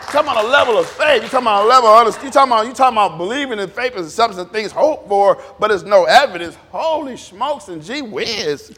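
High-voiced preacher in a reverberant hall. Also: male voice, fast, hardly any pauses, husky. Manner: animated, repetitive, conversational preaching. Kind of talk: informal sermon with congregation responses. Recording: long reverb in a church hall.

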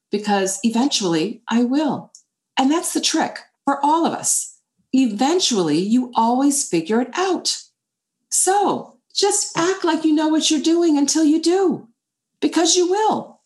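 Woman, middle-aged, author interviewee, animated storyteller, pitch swings widely. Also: measured pace. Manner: animated storytelling, acts out inner voices. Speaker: author and former CEO. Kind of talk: interview answers.

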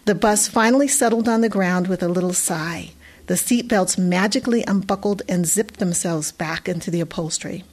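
Lively, expressive female audiobook narrator. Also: on the low side, moderate pace.

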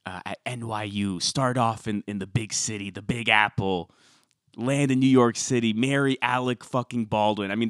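Casting: male podcast host, mid-pitched, close dry mic, playful and teasing. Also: clean tone, no room sound. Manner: jokey, teasing, quick to laugh. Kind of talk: casual chat.

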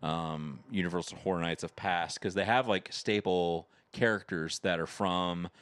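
A man's voice: deep voice, fairly even intonation, moderate pace, fairly bright tone, smooth, dry recording. A man co-hosting a casual podcast chat, rambling through stories with lots of fillers. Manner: rambling, filler-heavy storytelling. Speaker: podcast co-host. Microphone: microphone.

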